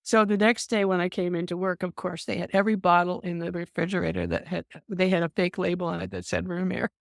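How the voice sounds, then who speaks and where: An older woman, a nurse, telling stories in an interview. She is an animated storyteller who acts out the voices she quotes and often says "um". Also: lowish voice, quick pace, gravelly, no echo, studio quality. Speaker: nurse guest.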